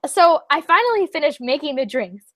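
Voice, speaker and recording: High young female voice, dry, animated, swears often, livestream host chat. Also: a little fast, no room sound. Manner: animated storytelling, frequent swearing. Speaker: channel host.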